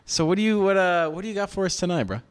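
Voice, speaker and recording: A man's voice: sits high, lively intonation, fast talker, clean tone, dry recording. A man, co-hosting a casual podcast, emphatic and swearing, often repeating himself. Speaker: podcast co-host. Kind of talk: casual chat.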